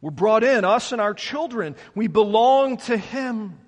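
A male pastor delivers an earnest sermon, unpacking scripture for his congregation. His voice sits high for a man, and a long reverb trails each phrase through the church sanctuary. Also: animated, unhurried, darkish tone. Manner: preaching, explaining scripture in earnest.

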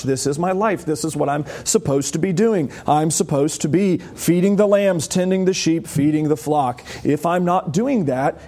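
A man's voice: fairly high pitch, warm tone. A man preaching a sermon as a pastor, conversational and emphatic, asking the congregation rhetorical questions. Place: church.

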